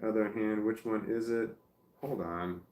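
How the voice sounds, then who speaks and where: A man with a fairly low voice reads viewer comments aloud on his livestream and reacts to them, swearing freely and flaring into angry rants. The sound is roomy and echoey. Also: steady tone, a little slow, darkish tone. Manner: swears a lot, flares into angry ranting. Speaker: livestream host reading chat. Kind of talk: casual livestream chat.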